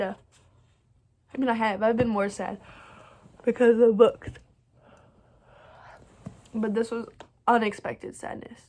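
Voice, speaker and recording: This book vlogger, a woman with a highish, darkish voice, talks slowly and pauses often in a casual reading wrap-up. Gushing and bubbly about books she loved, she rambles, restarts her sentences, and keeps saying "like" and "so good."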